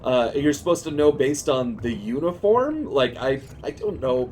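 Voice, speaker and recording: A man's voice: medium pitch, big pitch swings, moderate pace, darkish tone, slight background noise. A man who voices game characters chats casually and in a rambling way while streaming a game, and he laughs often. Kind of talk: casual chat while gaming. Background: game music.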